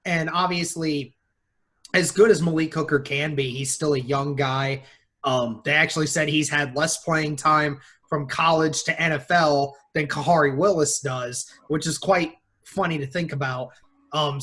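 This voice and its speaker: A man's voice: a little high, a bit bright. A man guesting on a sports podcast, chatty and opinionated. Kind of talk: casual sports podcast talk.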